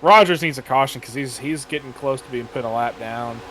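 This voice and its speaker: A man's voice: medium pitch, fairly quick, background noise. A man calling a sim racing event in a casual, joking commentary style, drifting into banter between race updates.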